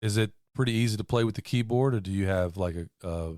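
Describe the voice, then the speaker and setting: A man co-hosting a podcast in casual chat, cracking deadpan jokes and spinning silly made-up sales pitches. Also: fast, no room sound, clean studio sound. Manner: deadpan joking, tall-tale sales pitches. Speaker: podcast co-host.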